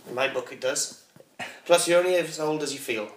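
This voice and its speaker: A young adult man with a Welsh accent, bantering on a comedy podcast in a dry, deadpan way. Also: a little high, fairly quick, a little hiss or hum. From Northwest Wales. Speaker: podcast co-host. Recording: echoey room, off-mic.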